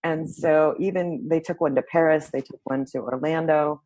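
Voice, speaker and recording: A woman's voice: low-pitched, steady tone, moderate pace, darkish tone, no room sound. A woman hosting a podcast, talking earnestly and thinking aloud in casual conversation. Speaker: podcast host.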